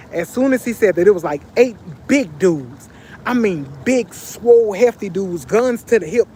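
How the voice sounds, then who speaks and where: A man vlogging, telling a story in casual, animated slang with lots of repetition, sitting on a bench. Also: sits high, slight background noise.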